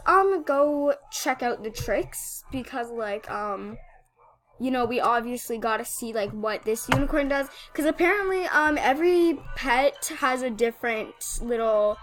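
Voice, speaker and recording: A woman giving casual commentary over gameplay, rambling and excitable, with lots of "like" and "um". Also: a little high. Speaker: gaming video host.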